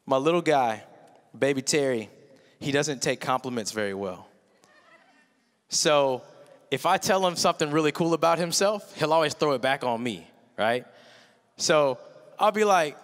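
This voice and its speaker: A man preaching a sermon, telling humorous family stories with animated delivery in a large church. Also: a little high, normal speed. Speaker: pastor. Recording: long reverb of a large hall.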